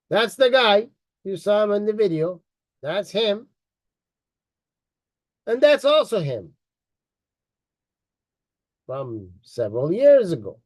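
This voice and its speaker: A man's voice: sits high, sing-song, slow pace, pauses often, a little mellow, no echo. A man hosting a news commentary, emphatic and mocking as he repeats a clip back. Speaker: host.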